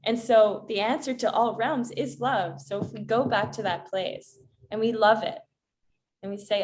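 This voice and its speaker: A woman coach, a guest on a podcast, talking in a calm and reflective way with spiritual phrasing. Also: fairly high pitch, normal speed. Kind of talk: casual podcast conversation.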